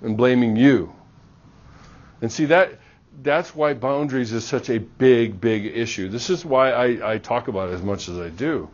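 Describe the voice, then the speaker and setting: Man, middle-aged, university lecturer; animated, plays out dialogues; lo-fi classroom recording. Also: mid-range voice, moderate pace. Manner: animated, acts out little dialogues.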